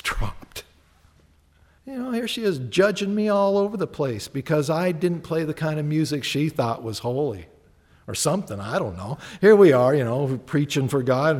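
A man, a pastor, preaching a sermon in a conversational, animated way, often acting out little exchanges of dialogue. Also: fairly high pitch, long reverb tail.

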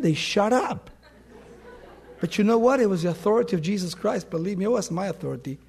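A middle-aged man preaching a sermon, telling stories and swinging from loud emphatic bursts to soft hushed words. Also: sits high, lively intonation, fairly quick, gravelly, slightly rough. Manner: storytelling with anecdotes, fillers and restarts.

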